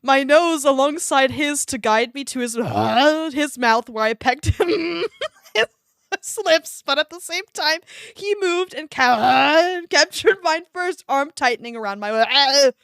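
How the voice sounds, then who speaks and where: A woman's voice: high voice, expressive, slow pace, fairly bright tone, no echo, studio quality. A woman streamer reading fan fiction aloud on a live stream, often breaking off to laugh and react to her chat, with a desk microphone.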